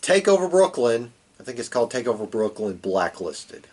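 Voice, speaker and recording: A man's voice: mid-range voice, big pitch swings, moderate pace, darkish tone. A man co-hosting a podcast in casual chat, sarcastic and crude, with a dry delivery. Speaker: podcast co-host. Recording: distant from the mic.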